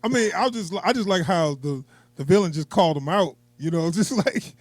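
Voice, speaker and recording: A man co-hosting a casual movie review chat, animated and laughing often, acting out quotes from the film in a raised voice. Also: on the high side, a little fast, no echo.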